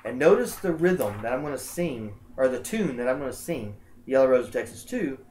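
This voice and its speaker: Relaxed man giving a literature lecture. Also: mid-range voice, normal speed, a little hiss or hum. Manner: relaxed, conversational, frequent "uh" fillers. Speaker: college English instructor. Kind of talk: recorded lecture.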